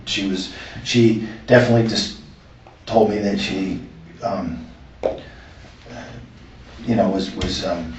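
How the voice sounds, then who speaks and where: A man being interviewed, giving an earnest, halting account of a conversation he recorded. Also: low voice, fairly even intonation, background noise. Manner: earnest, halting retelling with restarts. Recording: echoey room, far from the mic, muffled.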